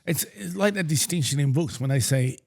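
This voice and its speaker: Male co-host, husky and gravelly, articulate and dryly funny. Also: on the high side, lively intonation. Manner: measured, articulate, dry humour. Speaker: podcast co-host. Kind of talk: casual podcast chat.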